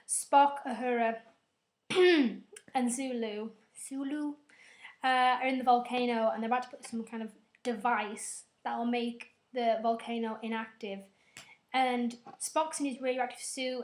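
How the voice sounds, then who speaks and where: Chatty young woman, fairly high voice. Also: fairly even intonation, moderate pace. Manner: chatty, self-mocking, sarcastic asides. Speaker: video reviewer. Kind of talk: casual rambling film recap. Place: at home with her dog.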